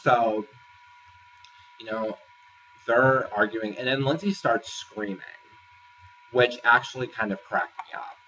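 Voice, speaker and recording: A man's voice: mid-range voice, slow, long pauses, pushed and bright, slight background noise. A man casually recapping a reality show episode in a rambling, filler-heavy way. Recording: distant, dull lo-fi sound with faint ambience.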